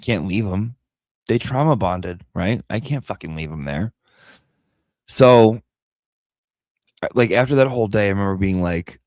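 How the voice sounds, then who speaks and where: A man's voice: on the low side, animated, unhurried, long pauses, darkish tone, dry recording, clean studio sound. A man telling a personal story casually, candid and emotional, repeating himself and swearing now and then. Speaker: vlogger and pet owner.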